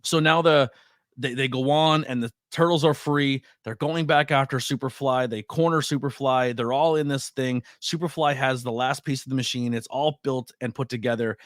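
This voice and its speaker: A man's voice: mid-range voice, fairly even intonation, normal speed, no echo, clean studio sound. A man hosting a podcast, loosely retelling a film's plot in a casual, rambling way with many fillers and restarts. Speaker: podcast host. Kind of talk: casual movie recap.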